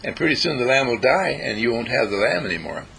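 A man with a husky voice giving a spiritual talk, playful and questioning, asking his listeners things. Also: sing-song, fast, fairly bright tone, rough recording. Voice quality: husky and gravelly. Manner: playful, questioning, with big swoops in pitch.

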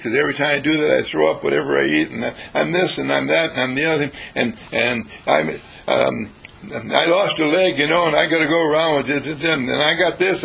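A man's voice: on the high side, creaky, sharp tone, breathy edge, full character voice, low-quality recording. A man voicing a self-pitying male prisoner who complains in long rambling lists of his troubles.

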